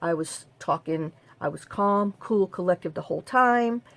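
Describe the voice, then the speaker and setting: This is a woman, talking straight to the camera in a casual, wandering way. Her voice sits low and has a rough, gravelly edge. She keeps cutting herself off and adding dry, half-joking asides. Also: normal speed, a bit bright. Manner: rambling, self-interrupting, half-joking. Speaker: craft vlogger.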